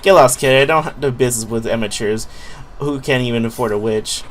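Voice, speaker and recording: Scornful game thug, loud and sneering, pitched up a little, a man putting him on. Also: a little fast, slight background noise, natural voice. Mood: dismissive. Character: scornful male intel-dealing thug.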